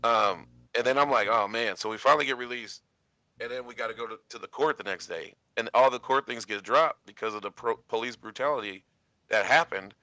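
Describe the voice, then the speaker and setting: A man telling a long personal story in casual chat, animated and acting out the quotes with laughs. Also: mid-range voice, a little fast, no echo.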